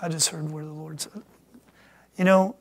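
A middle-aged man from Michigan preaching a sermon as pastor, swinging from quiet asides to loud emphatic peaks. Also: fairly high pitch, flat delivery, moderate pace. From Michigan, USA.

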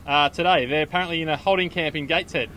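Bright-voiced Australian man reporting. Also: fairly high pitch, racing, a little hiss or hum, low-quality recording. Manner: jokey, deadpan. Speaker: co-host and roving reporter. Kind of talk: casual vox-pop comedy reporting. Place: outdoors on a town street.

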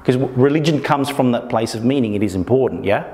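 A mellow, medium-pitched man talks quickly while presenting an informal mindfulness workshop to a small group in a meetup room. He often checks in with the audience and acts out inner thoughts, and the room echoes with long reverb.

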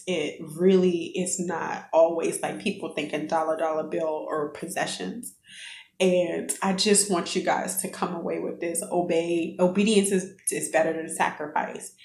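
A middle-aged woman talks earnestly to her viewers in a casual, preachy vlog, her voice on the lower side. The room around her sounds echoey. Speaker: vlogger. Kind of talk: casual faith testimony.

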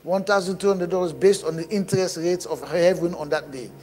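A man preaching a sermon, animated and bursting into shouts. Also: high-pitched, brisk. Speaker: pastor.

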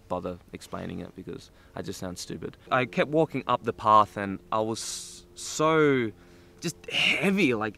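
A man telling a long personal story in a casual, rambling way, full of "like"s and laughter. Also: on the low side. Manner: animated, rambling, many "like"s and laughs. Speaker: vlogger telling a trip story.

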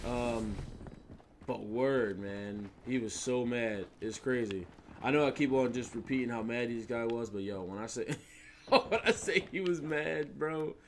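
A young man rambling through a gameplay commentary, animated and slangy, laughing as he tells stories and sounding a bit sniffly. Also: medium pitch, slight background noise. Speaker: gaming video host. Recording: gunfire and clicks under voice. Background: in-game gunfire.

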